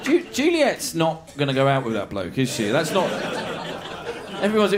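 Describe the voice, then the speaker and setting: Animated comedian, high lively voice. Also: male voice, normal speed, a loud crowd. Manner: animated, self-mocking, laughing through his lines. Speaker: stand-up comedian. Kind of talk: stand-up comedy storytelling.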